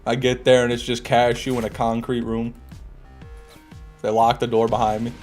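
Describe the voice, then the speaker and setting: A man's voice: mid-range voice, flat delivery, moderate pace, pauses often, darkish tone, faint music behind. A man giving casual live commentary while playing a game, joking with chat, laughing often and restarting his phrases. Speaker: gaming streamer. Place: streaming setup, game music playing.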